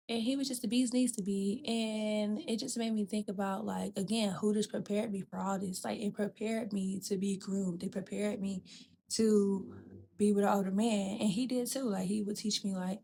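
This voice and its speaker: Brief: woman podcast host, mid-pitched, blunt and profane, storytelling with acted-out quotes. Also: gravelly, slight background noise. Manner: frank and profane, addresses listener as "girl" and "bitch"; animated, acts out quoted people. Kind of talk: candid storytelling chat.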